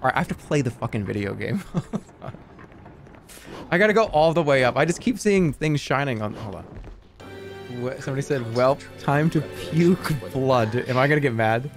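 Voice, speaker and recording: Man, game streamer, casual chat, exaggerated jokes, animated pitch, game music in background. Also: moderate pace, long pauses. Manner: exaggerated, jokey, chatty with viewers. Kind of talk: casual livestream chat while gaming.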